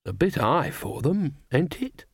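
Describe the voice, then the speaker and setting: A man's voice: fairly high pitch, sing-song, measured pace, husky, dry recording, studio quality, pitched above the performer's own voice, heavily acted. A man reading an audiobook, voicing a cheerful, earthy old witch woman with a chatty, folksy way of talking.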